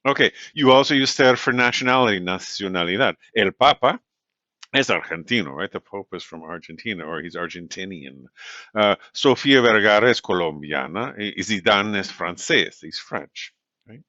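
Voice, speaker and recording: A man giving a recorded lecture as a language instructor, relaxed and full of fillers, checking in with "right?" often. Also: fairly low pitch, moderate pace, no echo. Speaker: Spanish instructor. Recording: dull, lo-fi recording.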